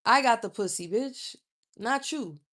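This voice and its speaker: A woman in her thirties from Charlotte, a YouTuber ranting in a blunt, profane, animated way. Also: a little high, measured pace. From Charlotte, North Carolina. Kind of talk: casual storytelling rant.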